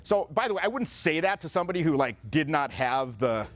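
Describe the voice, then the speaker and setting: Swearing guy coaching on confidence, animated storyteller, kinda high voice. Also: fairly quick, no echo. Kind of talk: casual motivational talk.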